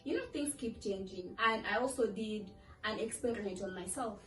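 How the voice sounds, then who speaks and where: A woman's voice: mid-range voice, moderate pace, fairly bright tone. A young woman vlogging in a chatty, playful way, acting out quoted voices as she talks. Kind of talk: casual talk to camera. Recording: echoey room from far off with faint music.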